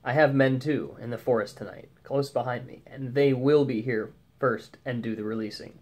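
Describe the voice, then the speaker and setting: A man's voice: mid-range voice, moderate pace, darkish tone, natural voice. A man voicing a snarling, vengeful male poacher in a storybook reading, with mocking, savage delivery. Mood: cold threatening.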